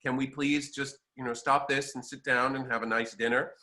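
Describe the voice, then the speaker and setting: Give me a man playing a flustered hostess begging everyone to sit down, bright and pleading. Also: mid-range voice, steady tone, moderate pace, close to an everyday voice. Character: flustered, peacekeeping woman hostess.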